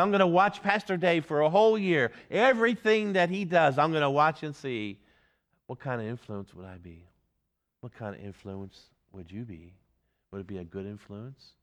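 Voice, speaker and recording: Earnest male pastor preaching a sermon. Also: medium pitch. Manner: earnest preaching, swings between loud emphasis and quiet reflection.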